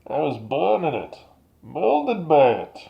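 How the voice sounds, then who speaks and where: A man putting on a gravelly, muffled voice as a menacing masked male villain, slow and theatrical. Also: a little high, very animated, voice pushed up, exaggerated voice.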